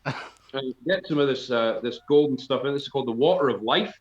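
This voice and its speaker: A Scottish man in a folk band, telling rambling deadpan jokes in casual live-stream banter. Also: mid-range voice, fairly quick. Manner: rambling deadpan comic patter. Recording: echoey, slightly dull live-stream audio.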